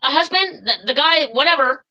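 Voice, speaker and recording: A woman on a live-stream call vents her anger, swearing often and tripping over her words. Her voice sits high and comes across bright and sharp. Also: brisk, muffled recording. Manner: furious, swearing, rambling with many fillers. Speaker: caller.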